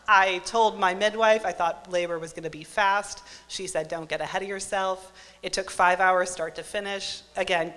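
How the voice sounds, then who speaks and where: A woman in her thirties tells a true story with dry, self-mocking asides, her voice crisp and bright. She sits a little low in pitch for a woman. She speaks into a stage microphone, and a long hall reverb trails each phrase. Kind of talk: live comic storytelling. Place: stage at a live event venue.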